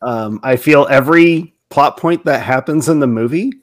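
A man co-hosting a casual movie podcast, animated and profane, mocking a bad film. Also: mid-range voice, normal speed. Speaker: podcast co-host.

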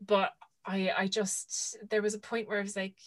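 A woman's voice: mid-range voice, little pitch movement, normal speed. A woman co-hosting a podcast, rambling casually about a book and peppering her talk with "like". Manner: rambling, full of "like" and retold dialogue. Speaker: podcast co-host.

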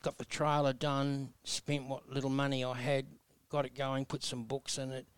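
A man's voice: medium pitch, completely flat delivery, moderate pace, smooth. A man in his sixties with an Australian accent, telling his life story as an interview guest in a blunt, earnest, folksy way. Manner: blunt, earnest, folksy with mild self-mocking humor.

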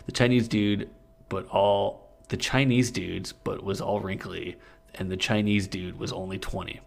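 A man's voice: sits low, steady tone, unhurried, creaky. A young man co-hosting a comedy podcast, reading fan fiction aloud into a studio mic, stumbling and laughing as he goes. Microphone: studio mic with pop filter.

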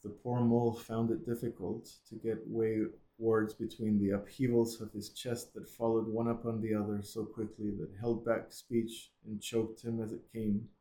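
A man narrating a classic storybook in a measured, even reading with small slips. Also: on the low side, poor audio. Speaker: audiobook reader.

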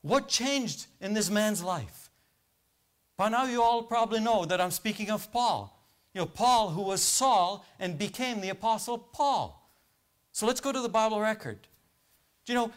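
A man's voice: sits high, a bit bright. A man preaching a sermon in a church, asking the congregation questions and waiting for their answers. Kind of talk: interactive sermon.

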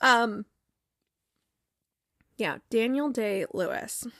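A chatty woman talks through a TV episode scene by scene, slipping into the characters' lines as she goes. Her voice sits a little high, and it is recorded close and dry with no room sound. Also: extremely slow, a bit bright, no room sound. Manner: chatty, acts out quotes, laughs, reads aloud. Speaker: podcast host recapping a TV episode. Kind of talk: casual recap, retelling scenes.

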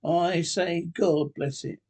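A man doing a bright, earnest young nephew. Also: on the high side, fairly even intonation, slow pace, slightly rough, heavily acted. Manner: pleading, warm-hearted.

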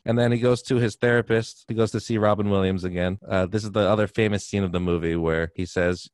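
A man's voice: on the low side, quick pace, clean tone, no room sound. A man casually retelling a film plot, acting out the characters' lines as he goes. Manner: animated retelling, acting out quotes. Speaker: movie recapper. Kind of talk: casual chat.

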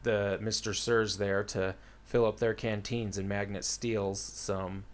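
A man's voice: on the low side, little pitch movement, slow. A young man casually retelling a book's plot in a rambling way, full of "like" and "uh". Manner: rambling, filler-heavy retelling with many "like"s. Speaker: storyteller retelling a book plot. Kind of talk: casual chat.

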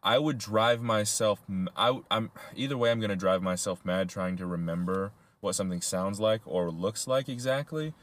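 A man's voice: on the low side, normal speed, few pauses, fairly bright tone. A young man co-hosting a casual podcast chat, rambling through his answers with frequent laughs and casual swearing. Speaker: podcast co-host.

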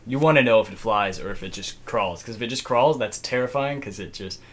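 A young man co-hosting a podcast in casual chat, laughing often and explaining things in a relaxed way. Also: on the low side, fairly quick. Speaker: podcast co-host.

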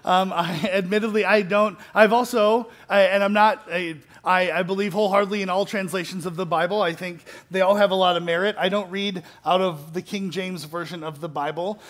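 High-voiced man preaching conversationally. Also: steady tone, brisk, hardly any pauses, a bit bright. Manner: conversational, self-deprecating, with restarts and light laughs; builds to earnest emphasis. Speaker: pastor. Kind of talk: sermon.

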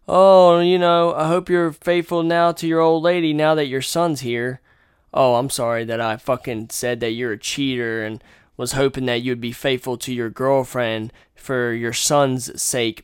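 Angry ranting man, clear dry voice. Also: mid-range voice, no room sound. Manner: angry, combative, swearing constantly. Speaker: podcast host. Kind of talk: profane ranting monologue.

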